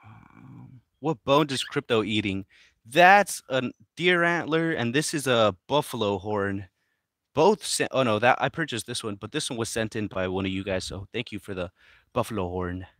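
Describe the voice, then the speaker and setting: A man hosting a casual livestream, reading viewer questions aloud and chatting in a relaxed, mumbly way to his pets. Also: fairly low pitch, normal speed, dry recording, clean studio sound. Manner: laid-back, mumbly, talks to his pets. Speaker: livestream host reading chat. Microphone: phone.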